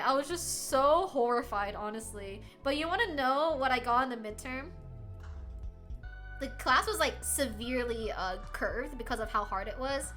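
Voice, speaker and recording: A young woman streamer telling a story in a high, bright voice, animated and filler-heavy. Faint music plays underneath. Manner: animated, laughing, lots of filler words. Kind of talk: casual storytelling chat.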